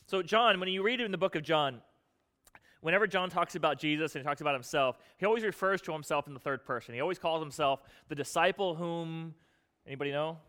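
A man preaching a sermon in a conversational way, with casual slang and rhetorical questions, dropping to a hushed low voice for solemn points. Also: fast, in a large hall. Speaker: pastor.

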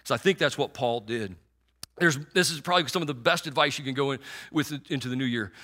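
A man's voice: mid-range voice, fast, pushed and bright. A middle-aged man preaching a sermon in a conversational, sarcastic way, with many restarts and fillers.

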